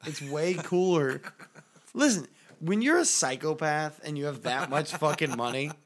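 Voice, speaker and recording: A man with a slightly raised pitch talking in a loose, profane podcast chat. He tells stories in an animated way and keeps slipping into mocking quoted voices. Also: measured pace. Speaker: podcast co-host. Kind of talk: casual chat.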